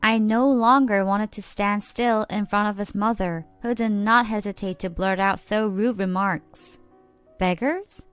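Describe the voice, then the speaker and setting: Smooth-voiced woman narrating a story. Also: mid-range voice, fairly even intonation, unhurried, few pauses, no room sound, soft background music. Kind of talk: first-person story narration.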